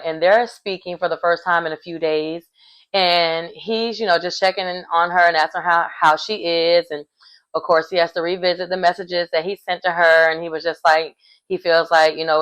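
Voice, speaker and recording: A young adult woman giving a casual, animated recap of a reality show. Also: on the low side, normal speed, low-quality recording. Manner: chatty and animated, acting out quoted lines.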